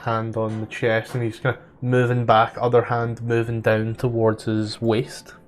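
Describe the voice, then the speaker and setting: A man's voice: mid-range voice, completely flat delivery, unhurried, soft background music. A man running a tabletop game as game master, describing scenes in a casual, rambling way and swearing now and then. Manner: casual, rambling, swears, loses his place.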